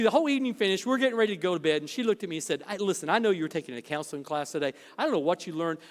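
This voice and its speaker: High-voiced pastor preaching in a reverberant hall. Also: male voice. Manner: storytelling, self-deprecating humor, acts out dialogue. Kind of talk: sermon. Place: church sanctuary.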